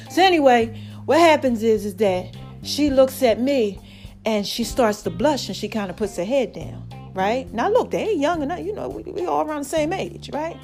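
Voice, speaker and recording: Her voice is high and somewhat dark as she tells a casual story on her own podcast. She keeps it chatty and talks directly to her audience, calling them "baby" and "y'all."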